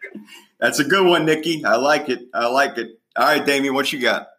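Sports talk host, male, bright forceful tone, emphatic ranter. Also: mid-range voice. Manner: emphatic, ranting, quick to laugh. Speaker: podcast host. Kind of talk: casual sports chat.

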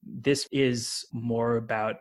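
A film podcast panelist talks about a movie in casual conversation, his mid-range voice moving little in pitch at a slow pace. He sounds thoughtful and hesitant, building his points through restarts.

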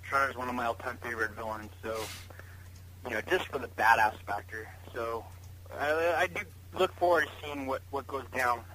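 A man's voice: mid-range voice, moderate pace, pushed and bright, a little hiss or hum, low-quality recording. A man chatting as a guest on a podcast, rambling with fan enthusiasm and lots of fillers. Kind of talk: casual chat over a call.

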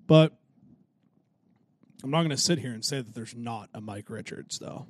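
A man's voice: mid-range voice, moderate pace, long pauses, no room sound. A young man hosting a casual solo podcast, telling stories in a joking, profane, self-mocking way. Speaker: podcast host.

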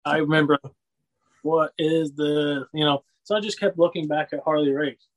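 A man with a fairly high, fairly even voice talks at a moderate pace over poor audio. He rambles casually through wrestling memories, laughing often and saying "you know what I mean."

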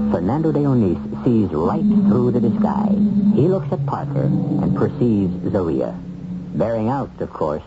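Measured, suspenseful male show host. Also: on the low side, gravelly. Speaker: host narrator. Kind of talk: scripted TV narration. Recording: dull old TV soundtrack over music. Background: music.

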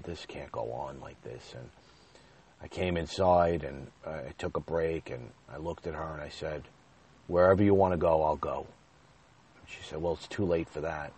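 A man's voice: low voice, mellow, slightly rough. A man in his thirties telling a personal story in a candid, confessional way, rambling at times.

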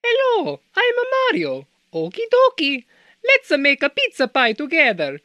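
Cheerful goofy plumber man, exaggerated Italian-style accent, read by a young woman, high and bouncy. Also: huge pitch swings, measured pace, pushed and bright, no echo, full character voice. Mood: playful. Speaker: editorial intern.

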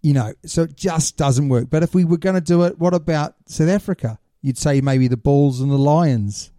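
A man's voice: on the high side, normal speed, dark tone, dry recording, clean studio sound. A man co-hosting a podcast, chatting casually and explaining his points at length. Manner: explains at length, setting up questions. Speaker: podcast co-host. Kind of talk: casual chat.

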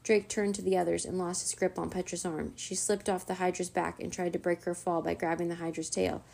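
A woman reading a children's chapter book aloud in a steady, even narrating voice. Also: fairly low pitch, fairly quick, vocal fry. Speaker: storyteller.

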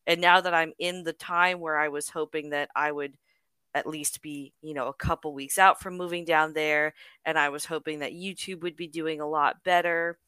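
Bright, clear-voiced young woman chatting. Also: low voice, fairly even intonation, no room sound. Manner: rambling, halting, laughs often. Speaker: podcast co-host. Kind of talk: casual chat.

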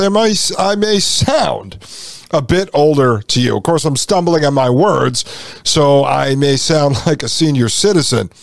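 A man in his forties hosting his own podcast, talking casually and calling listeners "ladies and gentlemen.". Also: fairly high pitch, no room sound, clean studio sound. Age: 40s. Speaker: podcast host. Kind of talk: casual monologue.

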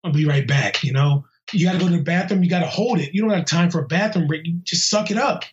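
A man's voice: high-pitched, slight background noise. Blunt, heated man with a muffled sound. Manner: blunt and heated, casual slang, halting restarts. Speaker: police officer interviewed about a violent attack. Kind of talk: casual interview. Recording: muffled lo-fi audio.

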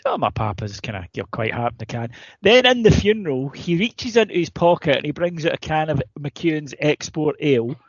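Lively Scottish man telling a funny story. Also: a little high, a little fast, few pauses, no room sound, lo-fi sound. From Scotland. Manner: animated anecdotes, swears freely, laughs mid-story. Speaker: podcast co-host. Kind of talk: casual storytelling chat.

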